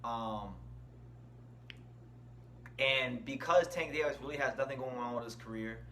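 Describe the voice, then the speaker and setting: A man's voice: mid-range voice, unhurried, a bit bright, a little hiss or hum. A man hosting a casual boxing channel, giving opinionated commentary and stressing key words, speaking from an indoor room. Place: indoor room with shirts on the wall.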